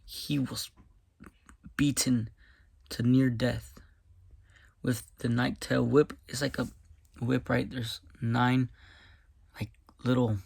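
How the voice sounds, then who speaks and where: A man's voice: medium pitch, gravelly. A man doing a casual devotional Bible reading, often breaking off to comment emphatically in a folksy way.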